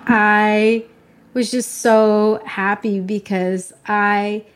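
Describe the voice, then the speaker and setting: A woman's voice: mid-range voice, level tone, very slow, clear, resonant tone. A woman hosting a podcast, talking in a casual, effusive way. She gushes and gets emotional as she chats with her guest. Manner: gushing, emotional, exclamatory. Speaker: podcast host. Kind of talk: casual interview chat.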